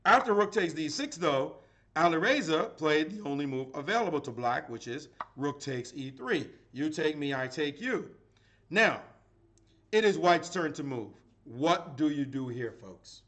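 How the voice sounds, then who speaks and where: Animated, playful male chess commentator. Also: a little high, measured pace. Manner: animated, playful, dramatic exclamations.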